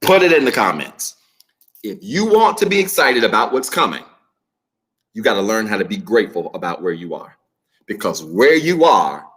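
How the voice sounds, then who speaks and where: A man's voice: lowish voice, fairly bright tone. A man preaching a sermon to an online congregation, emphatic and repetitive, speaking straight to his viewers. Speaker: pastor. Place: church livestream.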